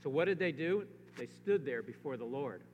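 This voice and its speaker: A man's voice: medium pitch, expressive, normal speed, muffled recording. A man preaching a sermon as pastor, emphatic, with his voice rising on pleading rhetorical questions. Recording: long reverb, faint hum.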